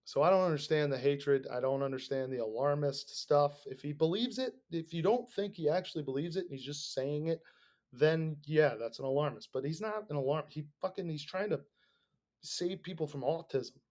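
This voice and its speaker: A young man hosting a podcast, rambling in casual, profanity-laden talk that swings between mumbled asides and loud bursts. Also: a little high, moderate pace. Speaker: podcast host.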